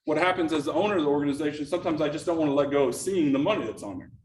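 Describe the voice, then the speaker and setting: A man's voice: a little high, rapid-fire, darkish tone. A middle-aged man giving an interactive productivity workshop, engaging the room with frequent questions to the audience, speaking in a meeting room before a live audience. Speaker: workshop presenter. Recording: echoey room, distant mic, faint noise.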